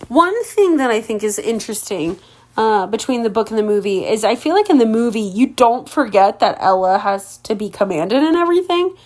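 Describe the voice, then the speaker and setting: A woman's voice: on the high side, animated, moderate pace. A woman reading a storybook aloud for a relative in an informal way, correcting her own slips and adding chatty comments. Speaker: audiobook reader for a relative. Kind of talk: casual read-aloud with commentary.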